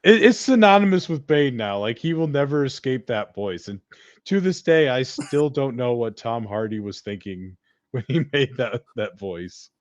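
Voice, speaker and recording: A chatty podcast host, a man of middle pitch who talks in quick, jokey bursts and keeps breaking off and restarting. His voice comes through a muffled, lo-fi mic with no room sound at all, so it sounds close and flat. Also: no echo. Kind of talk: casual chat about movies. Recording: dull dry lo-fi sound.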